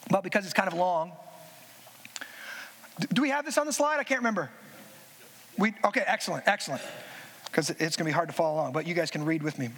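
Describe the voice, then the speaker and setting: A man preaching a sermon, speaking emphatically with drawn-out phrases and casual asides to the congregation. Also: sits high, lively intonation, a bit bright. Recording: reverberant hall.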